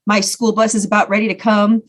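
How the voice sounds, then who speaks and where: A woman's voice: medium pitch, flat delivery, fairly quick. A woman talking as a podcast guest, telling her own life story in a candid, earnest way. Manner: candid, earnest recounting of painful memories. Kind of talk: personal storytelling.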